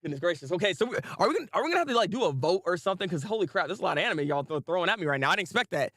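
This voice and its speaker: A young man hosting a casual anime review livestream, talking in an animated way, laughing often and chatting with viewers. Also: high-pitched, very fast, dry recording, clean studio sound.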